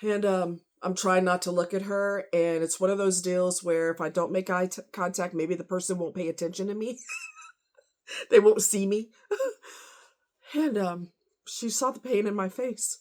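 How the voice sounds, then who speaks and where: A woman's voice: lowish voice, fairly even intonation, moderate pace. A woman telling a painful personal story off the cuff, emotional and rambling, with many fillers.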